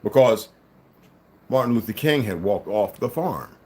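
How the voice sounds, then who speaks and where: A livestream commentator, a man, delivers a combative monologue to his viewers, sinking into low mutters and then bursting out loud and emphatic, with the odd laugh and repeated words. His delivery is expressive and a little slow.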